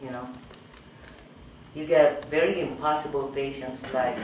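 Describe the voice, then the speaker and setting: Unhurried and fairly even in intonation, this medium-pitched middle-aged man is a psychiatrist telling an audience in a meeting hall about his patients and acting out their words. Echo, noise, and mic distance muddy the sound.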